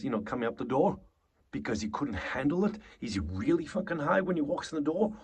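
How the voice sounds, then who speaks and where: A man's voice: mid-range voice, slightly rough. A man coaching actors, talking animatedly and acting out short example lines, swearing freely. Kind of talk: acting lesson to camera.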